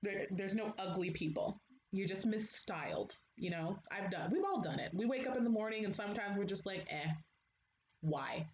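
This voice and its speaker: A woman's voice: medium pitch, brisk, darkish tone. A young woman hosting a livestream from home, chatting to viewers in a blunt, candid way and laughing often. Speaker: livestream host. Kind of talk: casual chat to viewers. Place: home, room with echo. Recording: echoey room, dull lo-fi sound, faint hiss.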